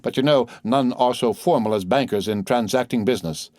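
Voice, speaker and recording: A man's voice: medium pitch, fairly quick, a little mellow, dry recording, studio quality, close to an everyday voice. A man voicing a proud, boastful banker in an audiobook reading, talking with nervous self-importance. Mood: flustered. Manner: boastful, then flustered.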